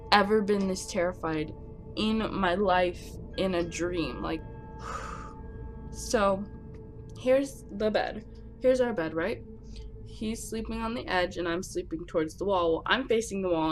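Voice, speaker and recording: A young woman telling a personal story on her vlog, speaking quickly and nervously with animated emphasis. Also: fairly low pitch. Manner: talks fast when nervous. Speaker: vlogger. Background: music.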